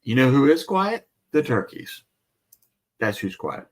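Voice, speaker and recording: A man's voice: mid-range voice, very animated, a little slow. A man co-hosting a casual livestream chat, blunt and grumbling in his replies. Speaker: livestream co-host.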